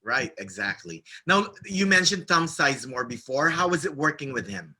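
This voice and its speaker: A man hosting a movie show, asking a guest short questions and answering with quick, eager affirmations. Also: a little high, sing-song, pushed and bright. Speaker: movie show host and interviewer. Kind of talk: casual interview questions.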